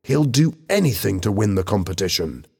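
A man doing an earnest teenage schoolboy, low husky voice, lively pitch, storybook reading. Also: moderate pace, big-room sound, exaggerated voice.

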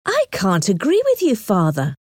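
A woman voicing a lively, confident young woman who talks brightly and briskly. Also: medium pitch, no echo, clean studio sound. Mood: earnest.

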